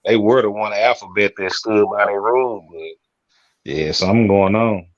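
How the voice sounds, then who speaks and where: A man co-hosting a casual boxing podcast, joking loosely and talking in quick restarts. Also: lowish voice, no room sound. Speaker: podcast co-host. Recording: dull lo-fi sound.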